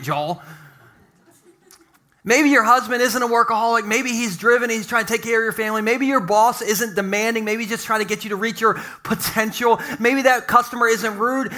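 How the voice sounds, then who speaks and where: A man pastor giving a sermon to a live congregation, telling stories with animated humor. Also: very high voice. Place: church service with a live congregation.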